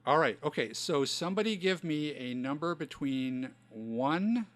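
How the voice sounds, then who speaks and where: A man's voice: on the high side, animated, a little slow, no echo. A man hosting a podcast, chatting casually with many "you know" fillers. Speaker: podcast host. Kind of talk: casual chat.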